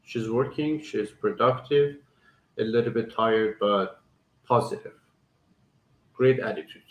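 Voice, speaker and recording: A man's voice: lowish voice, measured pace, pauses often, reverberant, rough recording. A man hosting a casual talk show, encouraging his guests and stammering at times. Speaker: host. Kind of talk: casual chat.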